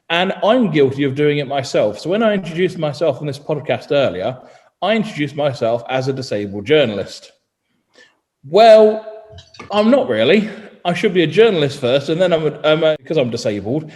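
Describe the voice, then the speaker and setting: Animated man, long reverb. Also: fairly high pitch. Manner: animated storytelling, mimics other people. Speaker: journalist and co-host. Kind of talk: casual podcast chat.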